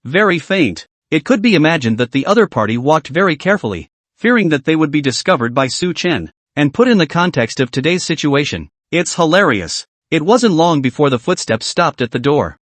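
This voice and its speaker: Lively male recap narrator. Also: on the high side, fairly quick, no room sound. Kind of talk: scripted story narration.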